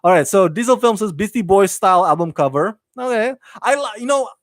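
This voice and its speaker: Chatty higher-pitched male live-stream host. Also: lively intonation, a little fast, dry recording. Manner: enthusiastic, rambling, with frequent fillers and restarts. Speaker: host of a live entertainment news show. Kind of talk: casual live-stream chat reading viewer comments.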